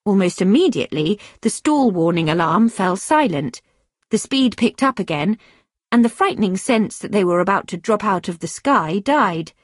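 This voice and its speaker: A woman reading a story aloud in a steady, clear storytelling manner. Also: mid-range voice, normal speed, no echo, studio quality. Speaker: narrator.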